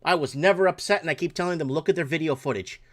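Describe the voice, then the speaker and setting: A man's voice: fairly high pitch, fast, a bit bright. A man hosting his own late-night show, ranting angrily about an insurance office, swearing and restarting his sentences. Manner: angry, swearing, rambling with restarts. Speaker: show host. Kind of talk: casual livestream rant.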